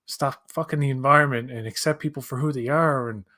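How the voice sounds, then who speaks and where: Casual male co-host, mid-range pitch, rambles and restarts a lot. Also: a little fast, pushed and bright. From Canada. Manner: rambling, many restarts and fillers, acts out quoted voices. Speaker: watch-along co-host. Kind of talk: casual chat.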